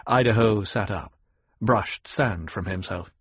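A man narrating an audiobook in a measured, dramatic reading. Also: lowish voice, breathy edge, no echo. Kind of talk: scripted narration.

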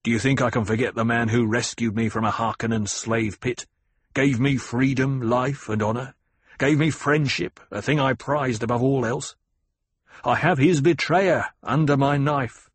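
A man's voice: medium pitch, normal speed, slightly rough, dry recording, close to an everyday voice. A man doing a snarling vengeful soldier. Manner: snarling, menacing. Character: gruff vengeful male soldier, threatening.

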